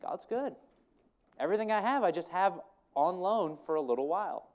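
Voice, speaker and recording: A man's voice: high voice, lively intonation, normal speed. A man preaching a sermon as pastor, earnest, repeating his key lines for emphasis.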